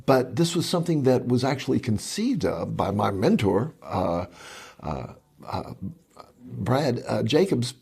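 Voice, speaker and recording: An older man co-hosting a casual podcast, telling stories with many pauses and chuckles. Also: medium pitch, big pitch swings, creaky, darkish tone, breathy edge. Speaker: podcast co-host, magic club president. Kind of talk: casual chat.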